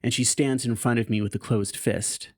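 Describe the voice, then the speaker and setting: A man's voice: mid-range voice, fairly even intonation, moderate pace, no echo. Frank, wry man with a dry voice. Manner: frank and wry, swears casually, laughs at himself. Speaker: podcast host, caregiver. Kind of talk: reading diary entries aloud, candid storytelling.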